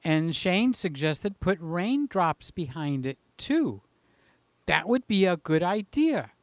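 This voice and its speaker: A man's voice: high-pitched, very animated, slow pace, no echo. Chatty older man greeting live viewers. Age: 60s. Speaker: livestream host. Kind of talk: casual chat to live viewers.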